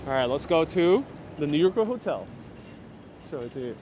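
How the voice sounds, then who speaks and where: A man's voice: on the high side, sing-song, moderate pace, a little mellow, slight background noise. A man giving a live walking tour outdoors on a city street, chatting with viewers and reading their comments aloud, on a wireless lapel mic. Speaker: livestream city tour guide. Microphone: wireless lapel mic with phone on gimbal. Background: street ambience.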